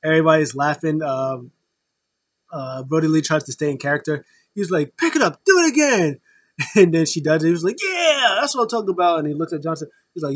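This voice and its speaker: Man, wrestling fan vlog, rambling with fillers, emotional, mid-pitched, dry sound. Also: a bit bright, no echo. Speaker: wrestling vlogger. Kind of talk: casual wrestling recap.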